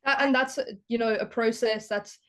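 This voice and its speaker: A young woman tells a story with laughter running through it. Her voice is fairly high and animated, and her talk is casual and quick. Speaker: podcast guest, daughter. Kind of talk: casual chat.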